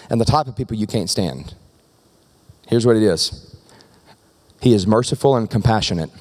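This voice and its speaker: A man preaching a sermon in a lively, conversational way, often asking the congregation questions. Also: fairly low pitch. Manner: animated, conversational preaching with rhetorical questions to the crowd. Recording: long reverb of a large hall.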